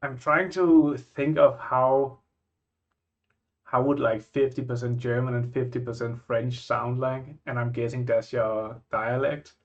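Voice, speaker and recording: A man from Scandinavia, a vlogger reacting to places in casual chat, musing and thinking out loud with frequent restarts. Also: medium pitch, steady tone, unhurried, muffled recording.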